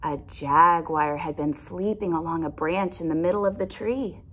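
A woman reading a picture book aloud to a young child, gently asking questions along the way. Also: fairly low pitch, normal speed, breathy edge. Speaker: storyteller for children.

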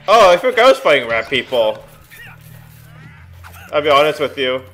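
A young man talking through a video game, reading its text aloud and then groaning and exclaiming at the results. His voice sits a bit higher than most men's. Soft game music plays behind him. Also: lively intonation, normal speed. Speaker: let's play gamer. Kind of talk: casual gameplay commentary.

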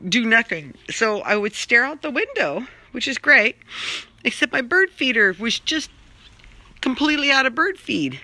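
A woman's voice: a little high, sharp tone, poor audio. A woman chatting casually while filming a tour of her own outdoor garden on a handheld phone, rambling as she goes. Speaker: vlogger. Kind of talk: casual chat.

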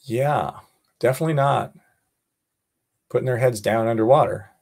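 A man's voice: medium pitch, normal speed, darkish tone. A middle-aged man teaching an online birding lesson as a naturalist, playful, thinking aloud and often dropping to a mutter while he observes. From California.

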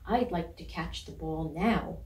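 A small, eager male puppy, polite and hopeful, calling out in a raised, high voice, as a woman reading a storybook puts him on. The sound is roomy and a little distant, as if the reader is set back from the mic. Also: measured pace, a little mellow. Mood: wishful.

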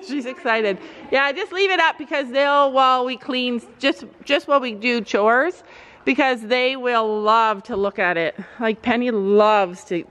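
A woman's voice: a little high, unhurried, fairly bright tone. A woman vlogging casually at a horse barn, chatting to her viewers and cooing praise at her horses. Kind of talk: casual vlog chat.

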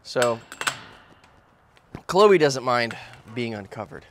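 A man casually vlogging outdoors as he tends his birds, loose and slangy, breaking into a high cooing voice when he talks to them. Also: animated, slow, a bit bright, slight background noise. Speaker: vlogger, bird keeper. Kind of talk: casual vlog chat. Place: outdoor backyard cage area.

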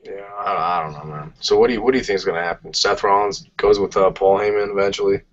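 A man's voice: lowish voice, fairly even intonation, quick pace. A man, co-hosting a casual podcast, ranting emphatically and swearing a lot. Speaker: podcast co-host. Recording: muffled lo-fi podcast audio.

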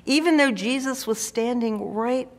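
A woman's voice: on the high side, a little slow, big-room sound. A woman pastor giving a sermon in an earnest, conversational way. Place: church.

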